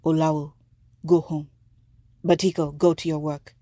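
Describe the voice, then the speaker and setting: A woman voicing a respected older male healer who speaks slowly with quiet authority. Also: deep voice, flat delivery, no echo. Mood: stern. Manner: slow, grave, commanding.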